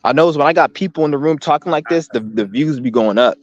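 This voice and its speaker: A man hosts a livestream, ranting in a rambling, profane and combative way into his laptop or computer mic, without headphones. His voice is a little high and fast, with no room sound and the highs cut off.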